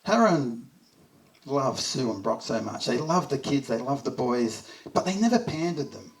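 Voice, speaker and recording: A man's voice: medium pitch, lively intonation, moderate pace. Heartfelt Australian man, distant mic. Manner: heartfelt storytelling, chuckles through anecdotes. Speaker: eulogy speaker. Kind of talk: memorial speech. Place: memorial gathering.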